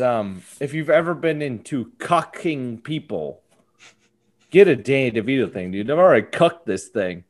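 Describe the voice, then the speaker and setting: A man co-hosting a casual comedy podcast, rambling through crude improvised bits and laughing at himself. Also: medium pitch. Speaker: podcast co-host.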